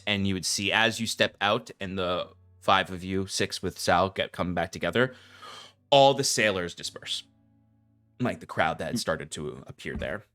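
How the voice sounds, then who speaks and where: A man with a low voice runs a tabletop game, narrating loosely and breaking into laughter. Faint music sits under his voice. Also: bright, forceful tone, clean tone. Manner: giggly, loose narration with fillers. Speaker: game master.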